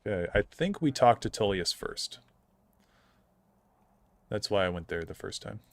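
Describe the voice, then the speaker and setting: A man's voice: lowish voice, expressive, unhurried, gravelly, no echo. A young man streaming a game, chatting casually in a rambling, opinionated way full of fillers. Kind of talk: casual gameplay commentary.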